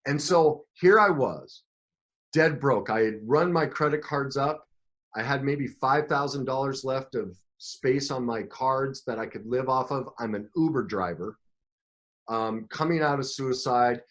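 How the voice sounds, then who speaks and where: A middle-aged man speaks as a podcast guest, recounting his life with rising emotion and frequent restarts. His voice sits at an ordinary middle pitch for a man, and he shifts between hushed reflection and animated bursts. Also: unhurried. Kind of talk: storytelling interview talk.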